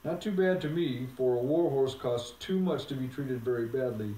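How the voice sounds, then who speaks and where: A man voicing a proud, bossy male talking war horse in a storybook reading, speaking in a brisk, lecturing and scornful way. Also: medium pitch, warm tone, close to an everyday voice. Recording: roomy sound from a distant mic.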